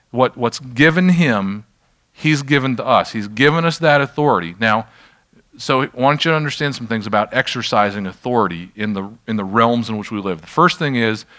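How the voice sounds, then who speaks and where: Leading a healing ministry, a middle-aged pastor delivers a sermon in a mid-range, fairly bright voice. His style is conversational storytelling peppered with jokes at his own expense.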